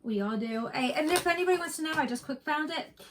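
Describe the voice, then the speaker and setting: A woman's voice: high-pitched, animated, quick pace, background noise. A middle-aged woman from West Virginia co-hosting a cross-stitch vlog, chatting and telling rambling stories. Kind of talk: casual chat.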